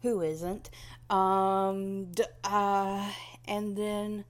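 A woman's voice: medium pitch, little pitch movement, very slow. A young woman rambling casually through a questionnaire, meandering and self-deprecating, often restarting her sentences.

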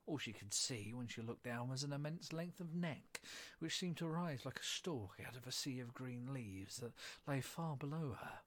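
Male narrator, husky, measured storybook reading. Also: mid-range voice, expressive, fairly bright tone. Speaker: reader.

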